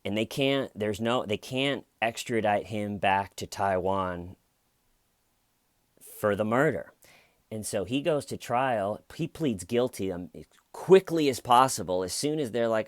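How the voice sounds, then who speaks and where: A man's voice: on the low side, animated, unhurried, no echo, clean studio sound. A man casually telling a true crime story with jokey, sarcastic asides.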